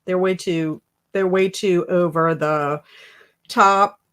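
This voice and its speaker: A woman hosting a casual live stream, chatty and animated as she reads viewer comments aloud and reacts to them. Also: fairly low pitch, slow. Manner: animated and emotional. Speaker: livestream host.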